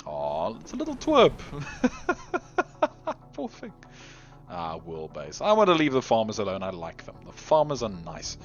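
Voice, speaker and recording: A man's voice: sits low, wildly swooping pitch, normal speed. Man, gameplay commentator: bouncy, sing-song delivery, chuckles often, slips into mumbled asides; dull lo-fi sound over faint game music. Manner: chatty, giggly, trails off into quiet mutters. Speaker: game video host.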